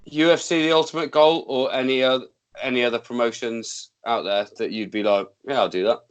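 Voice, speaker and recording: A man co-hosting a podcast asks the guest his questions in casual chat. His voice sits at a middle pitch. He often restarts his sentences before getting the question out. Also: fairly even intonation, brisk, clear, resonant tone. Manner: stumbling restarts when asking questions. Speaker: podcast co-host asking questions.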